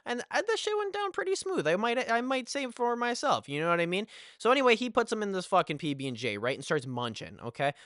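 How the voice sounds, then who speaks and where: A young man telling a casual storytime, animated and full of swearing and filler phrases. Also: high voice, quick pace, few pauses, dry recording, clean studio sound.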